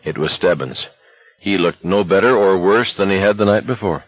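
Deep husky guy narrating an audiobook, dull lo-fi sound. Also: moderate pace, no echo. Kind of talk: scripted novel narration.

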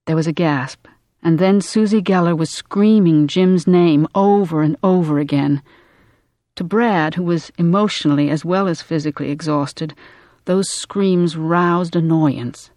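An audiobook narrator reading a story in a measured, even way. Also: mid-range voice, no echo. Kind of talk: scripted narration.

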